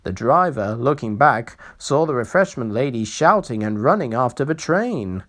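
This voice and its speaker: Slowly and with expressive, lively intonation, a narrator reads from a children's storybook about railways.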